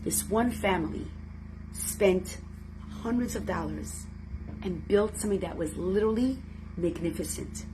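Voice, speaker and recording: Expressive woman teaching a Torah class. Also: medium pitch, measured pace, background noise. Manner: dramatic, expressive storyteller. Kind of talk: storytelling lesson.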